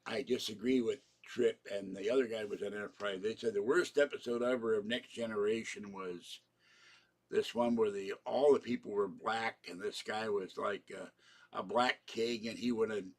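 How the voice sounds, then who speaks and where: A man's voice: on the low side, steady tone, normal speed. An older man hosting a live stream, rambling through strong opinions in a grumbling, casual way. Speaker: channel host.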